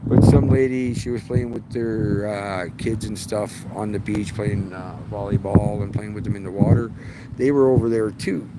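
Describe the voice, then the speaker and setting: A man's voice: lowish voice, fairly even intonation, moderate pace. A man in his forties, hosting a casual livestream outdoors beside a city street and telling rambling anecdotes. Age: 40s. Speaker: livestream host. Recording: loud street traffic noise.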